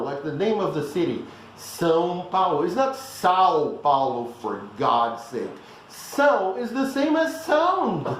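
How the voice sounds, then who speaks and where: A man's voice: on the high side, heavy reverb, slight background noise, poor audio. A man giving a blunt, teasing pronunciation lesson that keeps checking in with the listeners. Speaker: language teacher.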